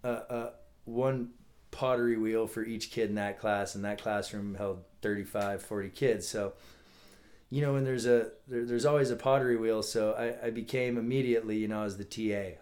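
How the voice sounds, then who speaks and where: Male podcast guest from California, lower register, halting, filler-heavy casual talk. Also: darkish tone. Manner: halting, many restarts and fillers. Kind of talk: casual chat.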